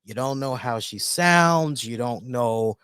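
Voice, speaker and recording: A man hosting a solo wrestling review, talking in an animated, emphatic way and repeating words for emphasis. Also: medium pitch, slow pace, clean tone, no echo, studio quality. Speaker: wrestling show reviewer, host.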